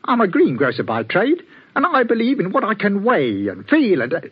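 An actor playing a blunt, superstitious working-class greengrocer with a husky voice, in a 1940s radio drama. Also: male voice, high voice, huge pitch swings, moderate pace, full character voice. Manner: deferential, blunt, dropped-h country speech. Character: gruff working-class village greengrocer, middle-aged, superstitious. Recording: dull old radio recording.

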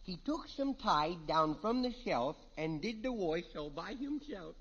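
A man's voice: high voice, very animated, unhurried, fairly bright tone, breathy edge, exaggerated voice. A sing-song cheery boy. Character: cheery boy bragging about his dad in an ad. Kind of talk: 1950s radio commercial. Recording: muffled old radio broadcast.

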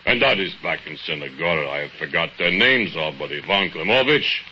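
An actor playing a jealous immigrant steelworker who speaks broken English, in 1940s radio acting. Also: male voice, deep voice, expressive, bright, forceful tone, full character voice. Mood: boasting. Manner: broken English, slow heavy confession. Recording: muffled old radio recording, faint hiss.

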